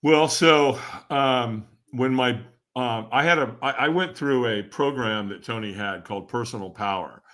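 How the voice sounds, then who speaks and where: A middle-aged man with a bright, forceful voice tells his story as a podcast guest. He is animated, laughs often and slips into the voices of the people he quotes. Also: mid-range voice, unhurried, hardly any pauses. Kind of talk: storytelling interview.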